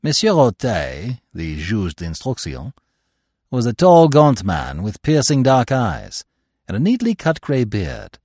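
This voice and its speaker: A man narrating a classic mystery as an audiobook, expressive and voicing each character. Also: mid-range voice, slow, slightly rough, dry recording, studio quality.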